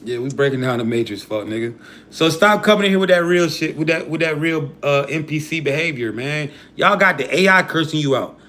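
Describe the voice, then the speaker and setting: A man's voice: fairly high pitch, a little fast, fairly bright tone. A man hosting a livestream who preaches in a casual, profane rant full of slang and hype. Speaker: livestream host.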